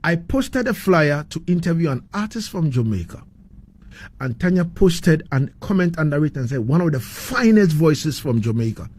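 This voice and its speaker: Effusive high-voiced radio host. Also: male voice, big pitch swings, moderate pace, a little mellow. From Ghana. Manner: effusive, repeats words while gathering thoughts. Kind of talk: radio interview.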